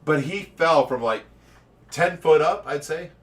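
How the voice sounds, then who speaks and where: Animated man telling stories, laughing. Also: on the high side, a little slow, recorded from a distance. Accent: Ohio. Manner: animated storyteller, laughs often. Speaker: fish rescue owner, livestream host. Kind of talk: casual livestream chat.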